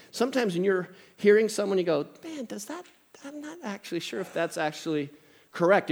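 A man preaching a sermon, telling a humorous story and reading scripture aloud in an animated, conversational way. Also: a little high. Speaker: pastor.

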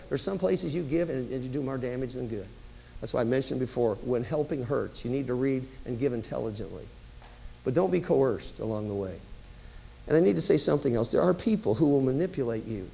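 A man's voice: fairly high pitch, gravelly, darkish tone, a little hiss or hum, low-quality recording. A man preaching a sermon as pastor, telling stories in a conversational way with emphatic rises.

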